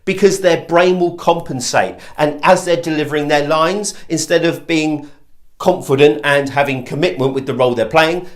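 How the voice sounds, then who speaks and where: A man gives a sales training lesson in a direct, emphatic way. His voice sits a little high for a man, and he acts out example tones to make his points. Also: normal speed. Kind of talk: instructional video talk.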